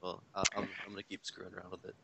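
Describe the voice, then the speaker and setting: A man's voice: low-pitched, monotone, very fast, creaky, bright, forceful tone. A man co-hosting a gaming podcast, musing aloud in casual chat and trailing off unsure. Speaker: podcast co-host.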